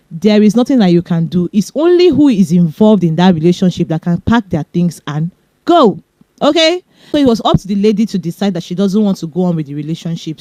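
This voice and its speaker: A young woman with a Nigerian accent talks fast and chattily, handing out relationship advice with little laughing asides. Her voice is mellow and warm. The recording is dry and close. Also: medium pitch, no echo. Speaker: podcast host. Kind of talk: casual advice talk.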